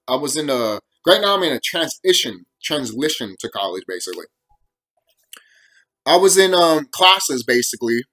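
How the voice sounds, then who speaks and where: A man's voice: on the high side, bright, forceful tone. A young man ranting to camera on his video channel, heated and full of profanity and repeated phrases. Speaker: vlogger.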